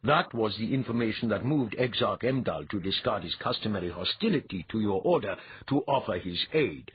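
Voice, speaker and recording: A man voicing a shrewd, grave male priest envoy, measured and wry. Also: fairly low pitch, breathy edge, no echo, narrow, tinny audio, exaggerated voice. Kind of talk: audiobook character voice.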